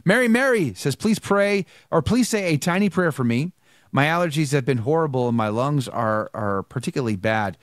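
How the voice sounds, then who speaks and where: A man's voice: a little high, lively intonation, moderate pace, no room sound, studio quality. A man hosting a live show, greeting viewers by name and chatting with a priest guest. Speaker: host. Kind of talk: livestream greetings and chat.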